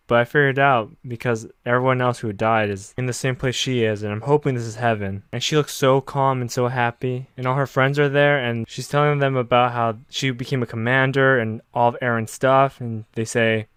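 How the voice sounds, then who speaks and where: A man recaps an anime episode in a casual, opinionated way and swears freely. His voice is smooth and mid-pitched. The recording is close and dry. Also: steady tone, brisk, hardly any pauses, no echo. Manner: blunt, profane and opinionated.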